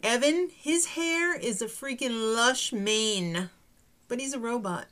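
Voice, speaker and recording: Woman, young, casual chat, joking, snarky, higher pitch. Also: slow pace, fairly bright tone. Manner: joking, snarky, laughs often. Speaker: recap show host.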